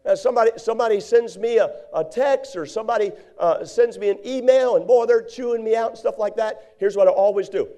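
A man preaches a sermon and reads King James verses aloud. His voice is high yet mellow and warm, and he slips into quick impressions of the people he talks about.

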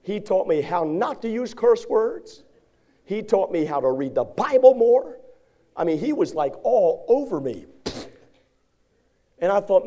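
Brief: male preacher with a high voice, folksy and animated as he tells a story from the pulpit. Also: normal speed. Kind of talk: sermon with a personal story.

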